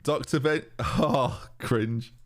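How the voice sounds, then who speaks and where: A British man with a medium-pitched voice draws out his words while live-streaming a football management game. He chats sarcastically in a casual way and reads his viewers' messages aloud.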